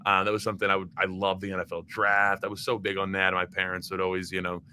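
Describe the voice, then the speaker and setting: A man's voice: low-pitched, little pitch movement, fast talker, sharp tone, slight background noise. A young man from Maryland, a podcast guest and former college football player, talking in a loose, chatty way with lots of fillers and restarts. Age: young adult. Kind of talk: casual chat.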